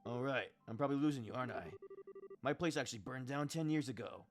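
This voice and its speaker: A man voicing gruff young bracer Agate. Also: medium pitch, quick pace, lightly acted. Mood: somber. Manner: gruff, slangy speech. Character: rough, cocky young male veteran bracer.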